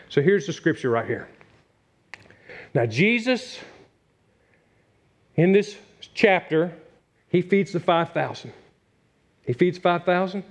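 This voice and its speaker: A man's voice: a little high, a little slow, long pauses. A middle-aged man from Virginia preaching a sermon as pastor, talking in a conversational way that repeats its points and turns to the congregation with asides.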